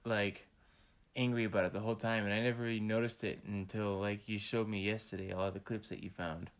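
A man's voice: fairly low pitch, level tone, fairly quick. Laid-back, foul-mouthed man on a podcast. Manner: loose, swearing, laid-back. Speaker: podcast co-host. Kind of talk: casual chat.

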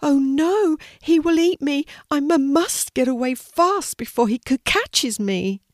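A woman's voice: mid-range voice, lively intonation, takes it slowly, a little mellow, no room sound, clean studio sound. Woman voicing a stammering frightened sea turtle. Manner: stammering, trembling.

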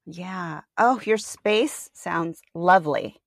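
A woman's voice: on the low side, takes it slowly, vocal fry, no room sound, studio quality. A woman from Washington state hosting a podcast interview, enthusiastic and laughing often. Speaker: podcast host. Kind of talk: casual interview.

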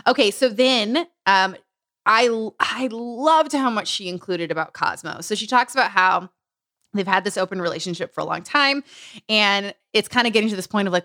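A woman's voice: medium pitch, animated, moderate pace, bright, forceful tone, no room sound, clean studio sound. Chatty woman podcast host. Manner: chatty, lots of "like", laughs often. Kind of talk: casual book chat.

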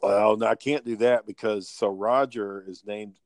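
Man, podcast host, low-pitched, dry close sound, rambling and profane storyteller. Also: steady tone, moderate pace, no echo. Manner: rambling, profane, laughs while telling stories. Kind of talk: casual storytelling chat.

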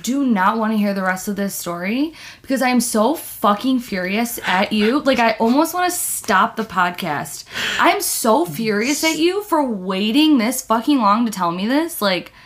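A woman's voice: fairly high pitch, expressive, normal speed. A woman co-hosting a podcast, exasperated and swearing often as she interrupts her co-host. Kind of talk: casual podcast chat.

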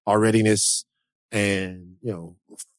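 A man co-hosting a podcast, talking casually and emphatically about politics and faith, slow and preachy at times. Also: on the low side, fairly even intonation, no echo. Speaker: podcast co-host.

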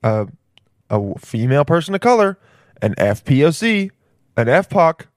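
A man hosts his own podcast in a casual solo monologue, rambling in slang and calling the listener "dude." His voice is on the high side with big pitch swings at normal speed, recorded studio-quality with no room sound.

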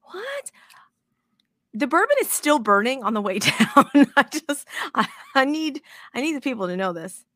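A woman hosting a podcast in casual chat, excitable and rambling, with the odd swear. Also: fairly high pitch, moderate pace, no room sound, studio quality. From moved to Texas as an adult. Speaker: podcast host.

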